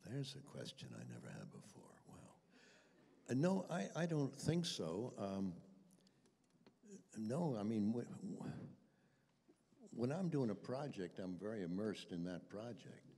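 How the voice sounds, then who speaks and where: An older man, a voice actor appearing at a fan panel, tells anecdotes at a convention Q&A in an echoey hall. His voice is fairly low, creaky and mellow, with big pitch swings, an unhurried pace and long pauses, and he's chatty, self-deprecating and chuckling.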